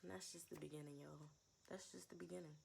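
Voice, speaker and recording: Gravelly-voiced woman in her twenties. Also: deep voice, steady tone, fast, background noise. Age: 20s. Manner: raw, emotional, repeats phrases, sighs between thoughts. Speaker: vlogger. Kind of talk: personal confessional vlog.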